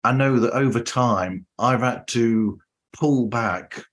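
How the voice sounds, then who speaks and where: A man with a Northern English accent hosting a podcast, friendly and rambling with halting restarts. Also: medium pitch. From north of England. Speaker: podcast host. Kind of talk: casual podcast interview.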